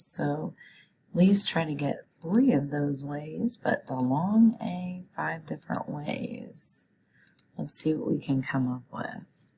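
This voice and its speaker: A woman teaching a children's phonics lesson, her voice sitting low for a woman. She moves slowly and clearly, pausing so kids can repeat and write. A faint room ambience hums underneath. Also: mellow, slight background noise, rough recording. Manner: slow, clear, encouraging teacher talk.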